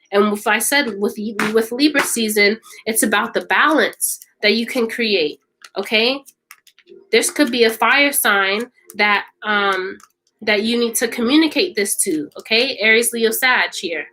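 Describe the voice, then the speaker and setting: A woman's voice: a little high, bright, forceful tone, low-quality recording. A woman reading tarot cards for viewers in an emphatic, repetitive way, often checking in with "okay?". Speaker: tarot reader.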